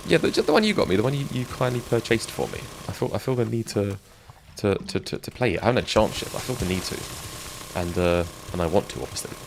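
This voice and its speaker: A man's voice: on the low side, lively intonation, quick pace, creaky, rough recording. A man chatting and joking with viewers while he streams a game. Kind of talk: live gameplay stream chat. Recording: game sound noise behind.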